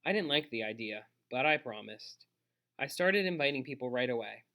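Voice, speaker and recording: A man reading a children's book aloud in gentle, steady narration on his own channel. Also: medium pitch, moderate pace.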